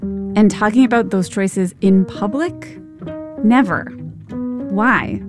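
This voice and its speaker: A woman's voice: mid-range voice, takes it slowly. Woman host narrating over guitar music. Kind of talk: scripted narration.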